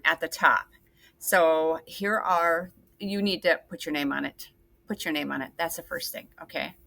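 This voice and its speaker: This woman has a lowish, bright voice with a forceful tone. She's a teacher leading second graders through a writing lesson, recorded in class, speaking slowly, patiently, and in a sing-song way as she guides them step by step.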